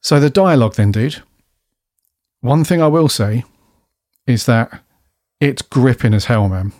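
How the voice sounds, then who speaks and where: A man's voice: medium pitch, lively intonation, measured pace, a little mellow, dry recording, clean studio sound. A man co-hosting a casual podcast chat about a TV episode, laid-back and talkative, swearing freely and laughing often. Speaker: podcast co-host reviewing a TV episode.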